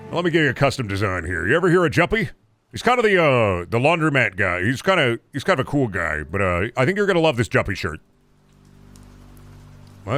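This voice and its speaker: A man streaming a game, talking quickly and rambling through silly bits. His pitch leaps up and down as he jokes and swears freely, with faint music under his voice. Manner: rambling, goofy, swings to loud high bits. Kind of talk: casual gameplay commentary.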